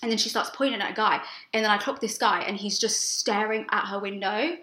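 Bright, echoey woman telling stories. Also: medium pitch, fairly quick. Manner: storytelling, swears freely, animated when excited. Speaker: podcast co-host. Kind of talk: casual chat. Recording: roomy echo.

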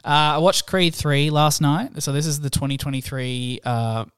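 A woman's voice: low-pitched, normal speed, smooth, no echo, clean studio sound. A woman co-hosting a podcast, chatting easily about films and TV and answering with short, agreeing replies. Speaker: podcast co-host. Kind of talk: casual chat about films and TV.

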